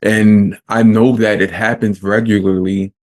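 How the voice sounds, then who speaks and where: A man hosting a podcast interview, speaking in an earnest, measured way. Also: on the low side, level tone. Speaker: podcast host. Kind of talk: casual interview.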